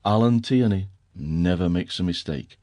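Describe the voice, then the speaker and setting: A man's voice: low-pitched, moderate pace, dark tone, no room sound, clean studio sound, pitched below the performer's own voice, lightly acted. A male narrator voicing a teasing, affectionate young husband with a wry, fond way of talking.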